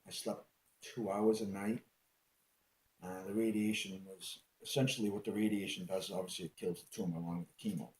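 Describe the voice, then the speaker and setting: A man being interviewed, telling a personal story in a lively way and acting out the dialogue as he recounts it. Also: deep voice, fairly quick, echoey room, slight background noise, poor audio. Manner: animated, acts out dialogue in his retelling.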